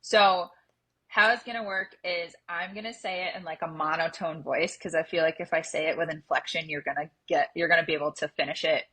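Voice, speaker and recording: A young woman co-hosting a casual podcast, animated and laughing often as she tells stories and runs a game. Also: deep voice, brisk, husky, low-quality recording. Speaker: podcast co-host running a game.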